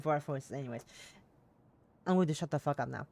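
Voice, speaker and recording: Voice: medium pitch, brisk, creaky, long pauses, mellow, dry recording. Casual live streamer narrating a game, self-mocking and profane. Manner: swears freely, laughs at own slips. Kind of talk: reading a visual novel aloud on stream.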